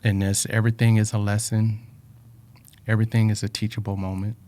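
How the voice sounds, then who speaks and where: A man's voice: fairly low pitch, level tone, a little fast, dark tone. A man in a reflective personal talk, speaking earnestly about life lessons and often repeating words, emotional with a drying throat.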